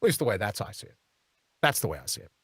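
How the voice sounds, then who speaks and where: A man's voice: lowish voice, very animated, rapid-fire, a bit bright, breathy edge, no room sound. A man hosting a political talk show in a studio, delivering an emphatic monologue full of hammering rhetorical questions and mocking asides.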